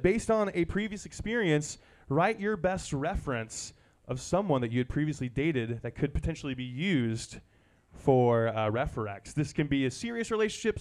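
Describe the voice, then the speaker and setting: A man's voice: on the high side, darkish tone. A man hosting a live comedy quiz show, playful and a little rambling as he loses track. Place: live event venue.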